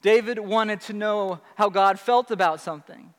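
Male pastor, high voice, conversational sermon, emphatic restarts, long hall reverb. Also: normal speed, a bit bright, smooth. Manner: conversational, emphatic, with many restarts and rhetorical questions. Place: church sanctuary.

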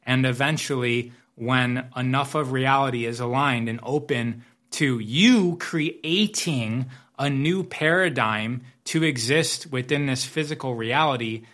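Male coach, medium pitch, motivational monologue, reflective, repeats phrases for emphasis. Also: a bit bright. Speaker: business coach. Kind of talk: motivational talk.

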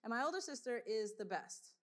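High-voiced woman preaching a casual sermon. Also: fairly quick. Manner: animated storytelling, laughs often, conversational with fillers.

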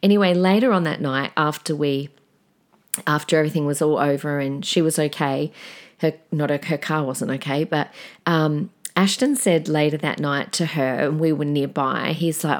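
An Australian woman in her forties, hosting a parenting podcast in a chatty, conversational monologue full of fillers and lively storytelling. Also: low voice, moderate pace.

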